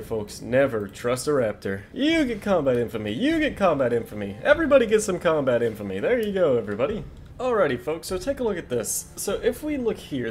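A man hosting a casual video game commentary, excitable and jokey as he talks to his viewers. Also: mid-range voice, slight background noise. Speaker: gaming video host.

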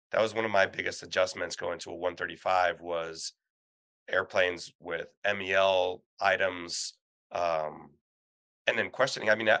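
A man, a pilot guest on a podcast, talking in a measured, earnest way in casual conversation. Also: deep voice, bright, forceful tone.

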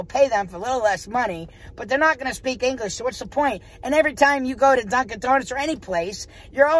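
A woman from the United States talking to viewers in a casual vlog, blunt and heavily profane. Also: fairly high pitch. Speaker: vlogger. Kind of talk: casual vlog talk to camera.

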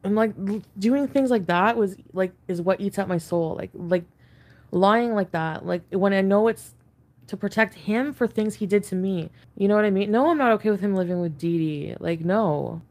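A woman's voice: medium pitch, moderate pace, darkish tone. Rambling woman venting, swears a lot. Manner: rambling, filler-heavy, profane. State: high on an edible. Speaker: online video creator. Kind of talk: confessional rant to camera.

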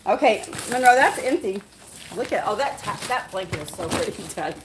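A woman's voice: medium pitch, lively intonation, fairly quick, heavy background noise. A woman hosting a casual live stream, gushing and cooing in a sing-song way at her dogs as she opens gifts. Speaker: pet channel host.

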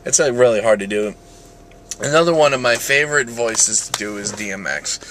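Giggly excitable guy in a car. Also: medium pitch, brisk, slight background noise. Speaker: vlogger. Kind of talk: casual chat. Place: parked car, window down.

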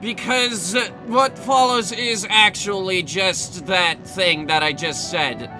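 A man giving a sarcastic, comedic movie review, mocking and exasperated, swearing and now and then shouting in outrage. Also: high-pitched, slow pace, over music.

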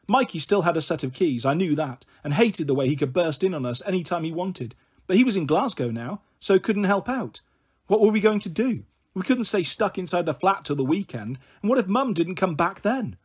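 A man reading a children's novel aloud, expressive in his narration. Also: high-pitched, slightly rough. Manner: expressive, shifts voice for characters. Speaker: storyteller.

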